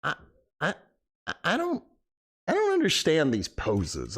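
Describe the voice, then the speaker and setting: Male game streamer, slightly high voice, animated casual rambling chat. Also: measured pace, husky. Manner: rambling, animated, thanking viewers.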